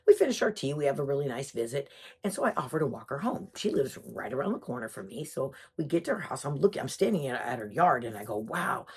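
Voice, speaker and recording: Low, husky woman telling a story. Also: fast talker. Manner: animated, chatty, emphatic. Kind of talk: personal storytelling.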